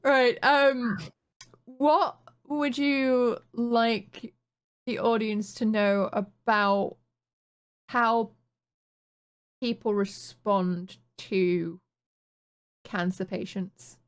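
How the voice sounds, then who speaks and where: A woman hosting a podcast interview, asking gentle, unhurried questions. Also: fairly high pitch, steady tone, smooth. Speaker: podcast host.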